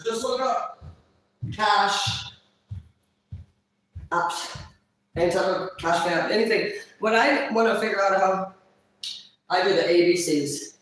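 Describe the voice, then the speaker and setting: A blunt, foul-mouthed woman rambles through a casual vlog monologue. She sits well back from the microphone, and her voice rings around a very echoey room. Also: lowish voice. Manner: crude, profane, blunt. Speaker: vlogger. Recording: echoey room, far from mic.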